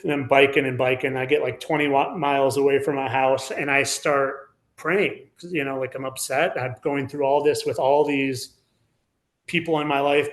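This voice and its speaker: A man in his forties with a voice of ordinary, middle pitch, telling a personal story as a guest. He rambles along casually, circling back on himself, with "like" dropped into nearly every phrase. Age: 40s. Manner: rambling, heavy on "like" fillers. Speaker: podcast guest.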